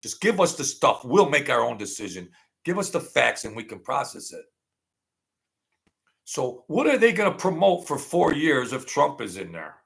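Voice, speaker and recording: A middle-aged man with a gravelly voice, ranting angrily and profanely in a rambling political monologue. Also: mid-range voice, big pitch swings, normal speed. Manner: angry, profane, rambling rant with sudden loud outbursts. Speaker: political commentary vlogger.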